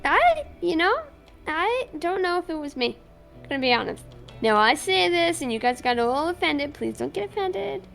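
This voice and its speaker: A woman's voice: extremely high pitch, big pitch swings, moderate pace, gravelly, fairly bright tone, faint music behind. A woman streamer playing a police officer in a roleplay, animatedly recounting events and acting out both sides of the dialogue. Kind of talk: in-character roleplay storytelling.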